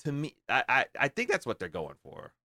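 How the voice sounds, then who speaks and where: A podcast co-host, a man, chats casually about a film, sounding bright-toned and eager as he rambles enthusiastically with lots of fillers and restarts. His medium-pitched voice swings widely in pitch and moves a little fast, recorded at studio quality with no echo.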